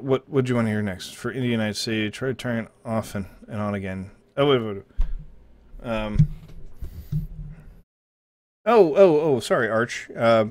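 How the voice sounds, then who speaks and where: A man's voice: fairly low pitch, no echo. A man chatting casually on a live stream while gaming, rambling and joking as he slips in and out of put-on accents.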